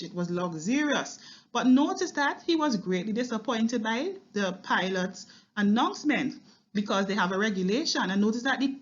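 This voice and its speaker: A woman with a voice on the high side teaches a recorded exam-prep poetry lesson as an English literature teacher, with dull audio. She explains each line in turn and often asks "okay?".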